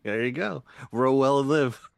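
A man's voice: mid-range voice, a little slow, creaky, no room sound, clean studio sound. A man in his sixties teasing wryly in casual banter as a co-host. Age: 60s. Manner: wry, teasing.

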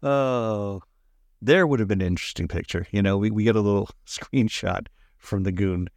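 A man's voice: lowish voice, moderate pace, darkish tone, no room sound. A man co-hosting a casual chat who listens with short murmurs and throws in dry wisecracks. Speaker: podcast co-host.

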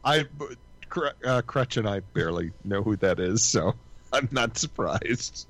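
A man's voice: on the low side, animated, measured pace, fairly bright tone. A man in his sixties co-hosting a casual chat, joking and laughing as he talks. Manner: joking, laughs mid-sentence. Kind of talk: casual banter.

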